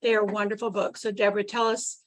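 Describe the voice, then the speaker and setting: A woman's voice: medium pitch, level tone, quick pace, no echo. Upbeat woman host, dry close sound. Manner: upbeat, encouraging. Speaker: webinar host. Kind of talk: moderating live Q&A.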